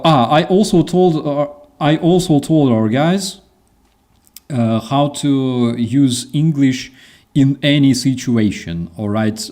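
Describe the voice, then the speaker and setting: A man in his late thirties from Ukraine, speaking English as a show host, telling stories in a halting, animated way and acting out quoted lines. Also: medium pitch. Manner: halting, many fillers and restarts. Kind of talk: casual chat.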